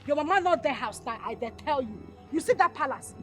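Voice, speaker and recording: A woman's voice: brisk, soft background music. An actress playing a brash, defiant young woman who speaks Nigerian Pidgin in a Nollywood film. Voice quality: high, lively, swaggering Pidgin talk.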